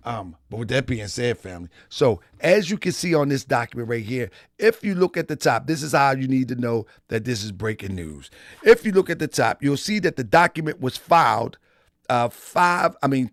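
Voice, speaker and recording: A man hosting a live stream talks straight to his chat in a mid-range voice, casual and repetitive. The sound is clean studio audio with no room sound.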